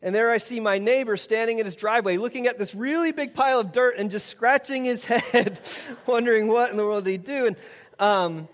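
High-voiced pastor in a reverberant hall. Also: male voice, brisk. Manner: storytelling, chuckling, acting out dialogue. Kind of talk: sermon with personal story.

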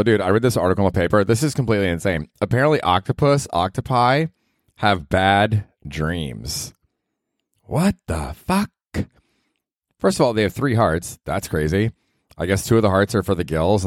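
A man's voice: deep voice, no room sound, clean studio sound. A man hosting his own podcast, talking in a rambling, profane, self-mocking comedic monologue. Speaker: podcast host.

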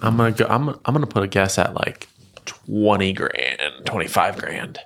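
Low-voiced man quipping from off-mic. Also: animated, fast, a bit bright. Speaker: podcast co-host. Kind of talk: casual podcast chat.

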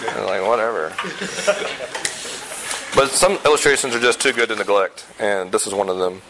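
A pastor preaching a sermon in a conversational way, with self-deprecating humor and emphatic repetition of key points. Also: male voice, fairly low pitch, moderate pace, noisy background. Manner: emphatic, repeats key phrases.

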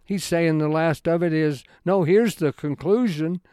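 Man teaching scripture, folksy and halting, smooth voice, slightly high, dry close sound. Plain conversational delivery. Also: warm tone, no room sound. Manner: rambling and halting, with many restarts. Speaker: Bible teacher. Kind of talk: informal Bible study talk.

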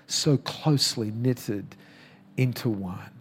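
A man's voice: medium pitch, animated, normal speed. A man who is a pastor, preaching a sermon with emphatic, passionate calls and chatty storytelling full of restarts. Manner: conversational storytelling with repeated restarts.

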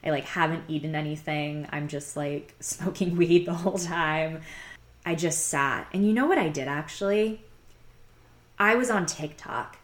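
Young woman, low voice, rambling confessional storyteller, very candid, lots of fillers. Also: moderate pace. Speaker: podcast host telling her own story.

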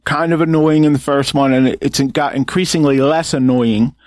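A man co-hosting a podcast in casual banter, blunt, teasing and quick to swear. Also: mid-range voice, steady tone, a little mellow, dry recording, studio quality. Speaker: podcast co-host.

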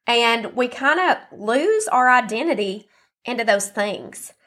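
A woman's voice: on the high side, animated, takes it slowly, fairly bright tone. Woman, 30s-40s, solo podcast host; chatty and encouraging, voice scratchy and muffled with allergies. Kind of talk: casual solo podcast chat.

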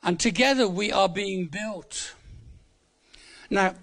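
A man's voice: high voice, slow, fairly bright tone. A seventy-five-year-old man from England giving a humorous, conversational sermon in church, repeating words for emphasis. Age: 70s. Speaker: preacher.

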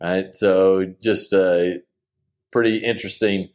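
A man with a somewhat low voice walks through a scripture passage like an informal study leader. He talks loosely and earnestly, pausing on "uh" and restarting his sentences as he thinks aloud. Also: steady tone, a little mellow. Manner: loose and conversational, with many "uh"s and restarts; earnest and enthusiastic about the text. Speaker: Bible teacher. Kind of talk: casual Bible study commentary.

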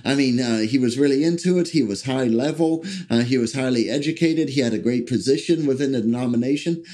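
A man preaching a sermon, speaking haltingly with many fillers and restarts and slowing down to read scripture aloud. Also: medium pitch, dark tone.

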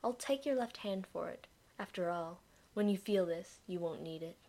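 A woman's voice: fairly low pitch, normal speed, dark tone. A woman voicing a small, mischievous female ice creature who speaks in a teasing, coaxing, often whispered voice. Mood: sly.

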